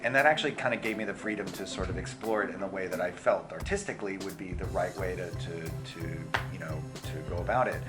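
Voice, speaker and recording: A man's voice: sits low, fast, hardly any pauses, over loud music. A man, a filmmaker in an interview, answering in a reflective way with many restarts. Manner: reflective, full of restarts and fillers. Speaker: filmmaker interviewed about his film.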